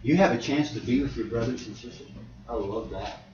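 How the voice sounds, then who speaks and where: A male preacher giving a sermon, animated and conversational, swinging from loud to quiet. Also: medium pitch, fairly quick, slight background noise. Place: church hall. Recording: dull, roomy, distant church hall.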